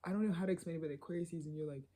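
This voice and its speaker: A woman giving a casual, channeled tarot reading to her viewers. She talks in a loose, profane, animated way. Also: on the low side, racing. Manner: loose, profane, animated, slipping into quoted voices. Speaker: tarot reader.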